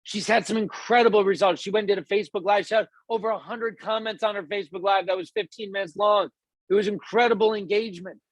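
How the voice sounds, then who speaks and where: A man's voice: fairly even intonation, quick pace, no room sound. A man giving a casual motivational talk to his team. He rambles with many restarts and acts out quoted people in raised voices. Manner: acts out quoted voices in a higher, louder pitch.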